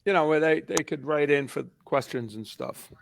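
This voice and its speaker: A man's voice: a little high, normal speed, creaky, a little hiss or hum. A man co-hosting a casual podcast chat, telling loose stories about his travels. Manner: loose, chatty, tells travel anecdotes. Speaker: podcast co-host, band member.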